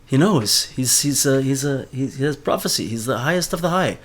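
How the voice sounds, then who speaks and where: A man's voice: medium pitch, a little fast. Man teaching a Torah class. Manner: animated, mixes Hebrew terms into speech, repeats words often.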